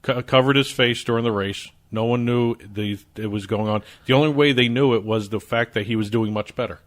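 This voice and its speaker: A New Jersey-accented man co-hosts a sports podcast, casually walking through the news and explaining each story at length with some restarts. His mid-range voice has fairly even intonation and runs a little fast.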